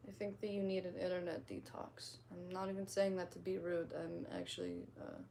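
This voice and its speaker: A woman's voice: lowish voice, steady tone, a little fast, vocal fry, dark tone, a little hiss or hum. A young woman casually chatting on a stream, reading out comments and reacting in a blunt, profane, rambling way. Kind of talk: casual livestream chat.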